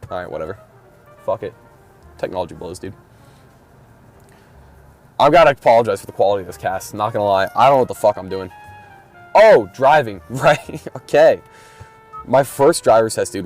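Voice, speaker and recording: A man's voice: lowish voice, expressive, fast, darkish tone, soft background music. A man hosting a casual solo podcast from his car, rambling and mumbling, with frequent swearing. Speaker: podcast host. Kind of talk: casual solo chat while driving.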